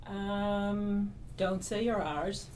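A woman's voice: medium pitch, drawn-out words, noisy background. A woman with a Boston accent, an interview guest who tells stories animatedly and acts out what others said. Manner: animated, laughing, acts out quoted voices. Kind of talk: conversational storytelling.

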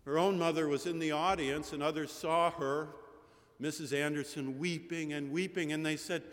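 A man's voice: fairly high pitch, steady tone, normal speed, a bit bright. A middle-aged man preaching an Easter sermon, telling stories with rising, emphatic cadences. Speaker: pastor. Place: large chapel. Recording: long chapel reverb.

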